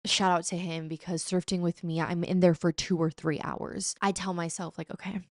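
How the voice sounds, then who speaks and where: A young woman vlogging in a chatty, animated, self-mocking way, sometimes slipping into playful put-on voices. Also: lowish voice, moderate pace, dry recording, clean studio sound. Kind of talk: casual chat.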